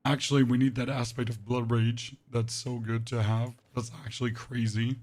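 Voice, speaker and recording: A man streams a game live and chats with his viewers as he plays, his voice forced deeper than usual and hoarse, as if something is off with it. He rambles along at a moderate pace in a level, slightly mellow tone, putting little emphasis on his words.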